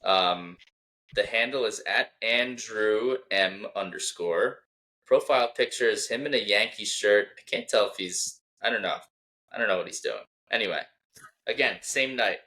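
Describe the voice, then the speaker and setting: Low, bright-voiced young man joking. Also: moderate pace. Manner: laughing, mocking, reads tweets aloud. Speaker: podcast co-host, Philadelphia fan. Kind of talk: casual sports podcast chat.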